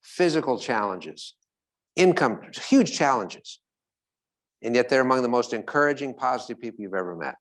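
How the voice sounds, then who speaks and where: A man giving a live motivational talk to an audience. He speaks at an ordinary middle pitch and stays animated throughout. He laughs often and slips into little character voices to make his points. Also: moderate pace.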